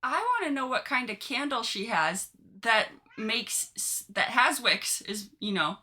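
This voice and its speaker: A woman's voice: fairly high pitch, lively intonation, unhurried, sharp tone. A woman co-hosting a podcast, chatting and joking as she reacts to online stories, giggling often. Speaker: podcast co-host. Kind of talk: casual chat reading online stories.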